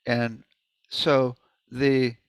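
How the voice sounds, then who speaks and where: A man's voice: medium pitch, little pitch movement, very slow, clear, resonant tone, no room sound. A man giving an informal presentation, talking loosely with many asides and demonstrating hums and rhythm syllables aloud. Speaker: presenter at a sound healing meeting.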